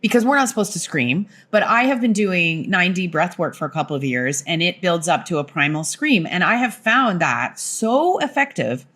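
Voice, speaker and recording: Expressive woman in her fifties, lively pitch. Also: normal speed, hardly any pauses. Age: 50s. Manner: expressive, swooping intonation. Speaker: guest, company founder. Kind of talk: casual conversation.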